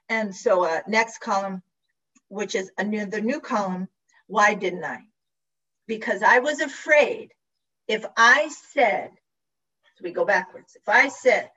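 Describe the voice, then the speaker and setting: A woman telling a personal recovery story, animated and acting out quoted dialogue with frequent repetition. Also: high voice, normal speed. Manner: animated, acts out quoted dialogue, repeats phrases. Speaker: speaker sharing recovery story. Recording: dull distant recording.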